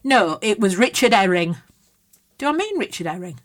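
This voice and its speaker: A woman's voice: medium pitch, big pitch swings, moderate pace. A woman co-hosting a casual chat, telling frank stories and giggling often. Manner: chatty, giggly, frank storytelling. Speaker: podcast co-host.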